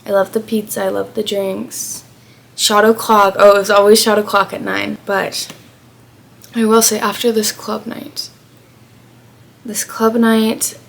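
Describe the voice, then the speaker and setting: A woman's voice: mid-range voice, gravelly, slight background noise. A young American woman in her twenties telling a chatty travel storytime, acting out the people she quotes. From United States. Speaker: vlogger.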